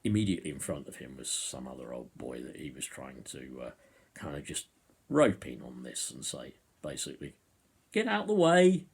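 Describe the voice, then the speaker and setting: A man's voice: extremely low pitch, animated, moderate pace, gravelly, slightly rough. A man vlogging to camera from home, talking in a rambling way with hesitant fillers. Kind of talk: monologue to camera. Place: indoors at home. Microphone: camera in front of him.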